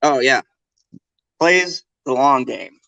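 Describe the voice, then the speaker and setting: Male co-host, animated profane rant, mid-pitched voice, dry close sound. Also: slow, gravelly, no echo, rough recording. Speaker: live stream co-host. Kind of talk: casual pop culture chat.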